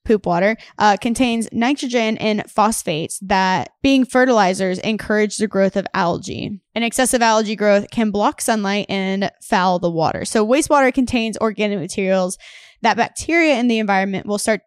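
A woman's voice: mid-range voice, moderate pace, no echo, studio quality. A woman with a Southern US accent co-hosting a podcast, explaining things bluntly in a jokey, casual chat. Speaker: podcast co-host.

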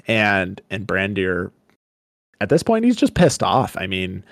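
A young man from Colorado, co-hosting a podcast, casually retelling a story and paraphrasing the characters in quick asides. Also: low-pitched, sing-song, creaky, a bit bright, no room sound, studio quality. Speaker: podcast co-host.

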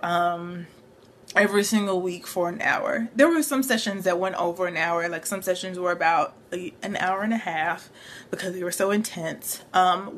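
Young woman, earnest vlog testimony, lowish voice, faint room hiss. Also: fairly bright tone. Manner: earnest, reflective, filler-heavy. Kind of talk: personal testimony.

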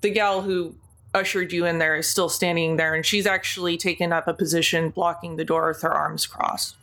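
A woman game master narrating a tabletop role-playing game in a relaxed, descriptive, chatty way. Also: lowish voice, normal speed.

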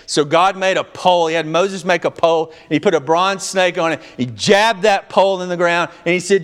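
A male pastor preaching a sermon, swinging between loud, raised passages and hushed, low ones. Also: normal speed, hardly any pauses, smooth.

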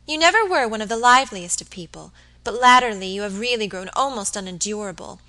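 A woman reading the part of an impatient, sharp-tongued young lady, tart and mocking. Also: mid-range voice, lively intonation, brisk, rough recording. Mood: teasing.

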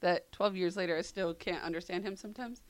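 A woman's voice: fairly low pitch, fairly quick. A woman in her thirties co-hosting a radio show, telling stories with lots of laughter and acted-out quotes. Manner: laughing storyteller, acts out quotes. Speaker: radio co-host. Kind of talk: casual chat.

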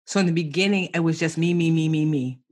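Husky-voiced woman telling lively stories. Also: low-pitched, fast. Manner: lively storyteller, animated self-quotes. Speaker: guest entrepreneur. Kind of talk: casual interview chat.

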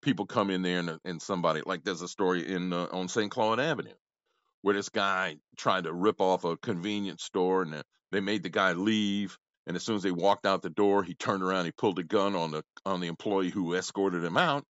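A man hosting a podcast, rambling and profane, swinging between loud outbursts and low mumbling. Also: fairly quick, no echo. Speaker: podcast host. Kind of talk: casual comedic chat. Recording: dry, dull lo-fi podcast audio.

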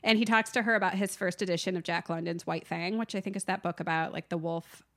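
A woman's voice: lowish voice, steady tone, quick pace, fairly bright tone. A young woman co-hosting a podcast, chattily recapping a movie scene by scene with lots of "like". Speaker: podcast co-host. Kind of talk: casual movie recap chat.

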